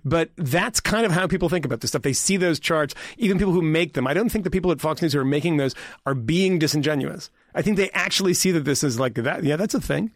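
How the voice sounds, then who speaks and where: A man's voice: on the high side, quick pace, hardly any pauses, no room sound, studio quality. A man on a podcast panel talking politics in casual chat, rambling and interrupting himself with repeated words.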